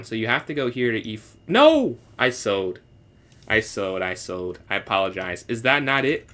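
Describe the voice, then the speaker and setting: A young man with a bright, ringing voice chats casually through a chess stream, reasoning out loud about each move. He answers his viewers as he goes, now and then slipping into halting classroom French. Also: medium pitch. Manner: thinks aloud, answers chat questions, switches into halting beginner French. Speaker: chess streamer solving puzzles with chat. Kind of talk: casual live-stream commentary.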